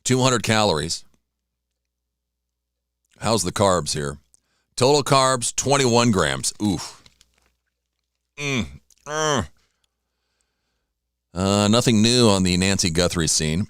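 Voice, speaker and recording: A man with a lowish voice hosts a solo radio talk show, rambling easily from one thing to the next. His sound is close and dry with no room around it. He keeps a loose, chatty flow. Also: expressive, takes it slowly, long pauses, fairly bright tone, clear, resonant tone, no echo. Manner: rambling, chatty, talks while eating.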